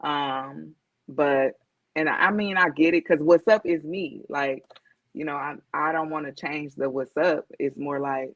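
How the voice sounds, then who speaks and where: A woman's voice: low voice, fairly even intonation, measured pace, dry recording. Direct, reflective woman on a dull, dry recording. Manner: direct, reflective, acts out quoted speech. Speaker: guest author and motivational speaker. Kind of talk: candid podcast conversation.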